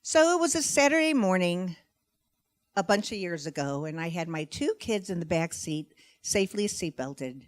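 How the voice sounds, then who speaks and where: A middle-aged woman performing stand-up comedy, telling stories about motherhood in an animated, self-mocking, conversational way. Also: fairly low pitch, moderate pace, dry recording. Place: stage before a live audience.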